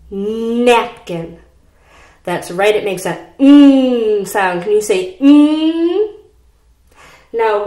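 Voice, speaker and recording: Woman preschool teacher, high lively voice, very slow and sing-song, echoey room at home. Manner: slow, sing-song, repeats sounds for children. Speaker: pre-K teacher. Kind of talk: children's phonics lesson.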